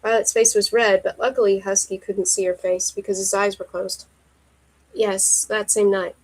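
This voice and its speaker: A woman reading her own romance story aloud in a steady, even voice. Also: medium pitch, a little fast, slightly rough, poor audio.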